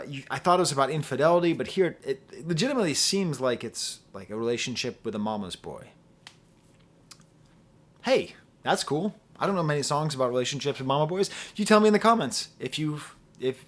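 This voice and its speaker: Animated middle-aged man reviewing records. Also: mid-range voice, quick pace. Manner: animated, jokey, swings between loud outbursts and mutters. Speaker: music reviewer. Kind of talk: solo album review vlog.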